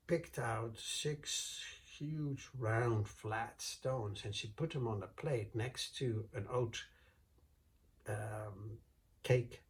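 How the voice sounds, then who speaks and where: A man retelling a folk tale at an unhurried pace, loose and unscripted. His voice sits in an ordinary middle range. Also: mid-range voice. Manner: relaxed, with fillers and restarts. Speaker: storyteller.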